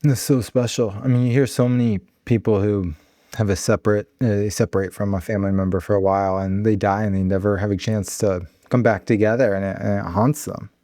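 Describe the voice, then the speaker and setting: A man's voice: lowish voice, fairly even intonation, brisk, dark tone, dry recording, clean studio sound. A man hosting an interview, offering affirming, reflective comments to his guest and asking follow-up questions. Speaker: host. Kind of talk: interview conversation.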